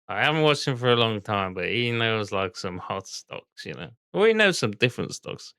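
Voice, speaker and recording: A man's voice: fairly low pitch, sing-song, moderate pace, few pauses, fairly bright tone, clean tone, no room sound, studio quality. A man, casually reacting to a stock video and bluntly swearing at his computer.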